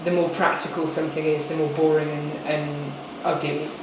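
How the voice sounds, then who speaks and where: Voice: mid-range voice, level tone, normal speed. Design grad rambling casual, super echoey room, ac hum behind. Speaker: design student. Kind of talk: interview answer.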